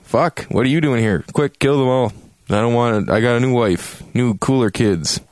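A man's voice: mid-range voice, moderate pace, a little mellow, no room sound, close to an everyday voice. A man putting on a brash, crude survivor boss. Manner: brash, swearing, mocking. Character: crude gruff adult male survivor leader.

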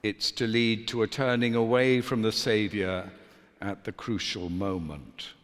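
A male priest delivers a sermon in a low voice, taking his time over every phrase and pausing for effect. His words ring out through a church with a long, lingering reverb. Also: steady tone. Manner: measured, deliberate delivery with dramatic pauses.

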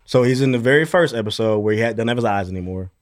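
A man's voice: mid-range voice, very fast. A man co-hosting a podcast, chatting casually with wry, sarcastic asides. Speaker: podcast co-host. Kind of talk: casual chat.

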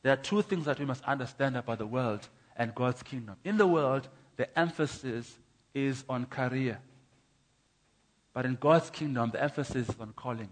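A man's voice: mid-range voice, animated, normal speed. A man preaching his testimony in a church, emphatic, with rhythmic contrasts and stammering repeats. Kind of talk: sermon.

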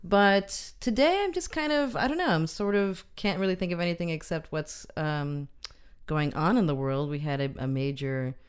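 A woman's voice: fairly low pitch, normal speed, smooth. A woman co-hosting a casual podcast chat, who adds dry quips and laughs along. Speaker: podcast co-host.

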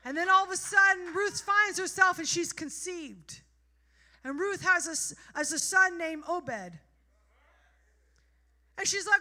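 Passionate woman preacher, very high voice. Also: measured pace, long pauses. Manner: builds from quiet storytelling to shouted passionate exhortation. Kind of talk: sermon.

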